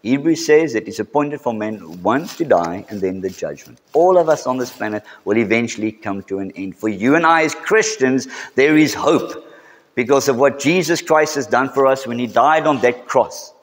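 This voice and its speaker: A man with a South African English accent preaching a sermon in a church, building to emphatic, drawn-out key phrases. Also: medium pitch, animated. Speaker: pastor. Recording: reverberant church hall.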